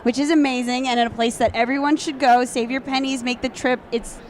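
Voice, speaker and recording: A woman from Philadelphia, a comics artist guest, telling an animated story in a casual panel chat. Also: high-pitched, a little fast. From Philadelphia, USA.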